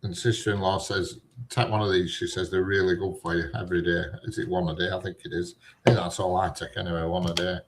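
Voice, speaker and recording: With slight noise in the background, a middle-aged man talks fast in a deep, flat voice. It's casual chat that wanders and digresses from point to point, thick with fillers.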